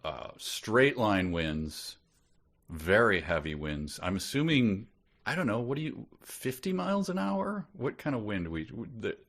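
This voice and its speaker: A male podcast co-host chatting casually about a book. His voice sits low, and his talk rambles in a loose, playful way, often breaking into laughter. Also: sing-song, unhurried, fairly bright tone. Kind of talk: casual comedic book discussion.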